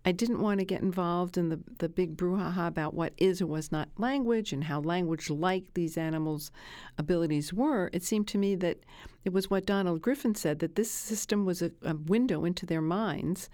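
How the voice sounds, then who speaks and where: A woman's voice: on the low side, moderate pace, dark tone, no echo. A woman researcher being interviewed, telling anecdotes and acting out quoted dialogue in a conversational way. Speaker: animal researcher guest.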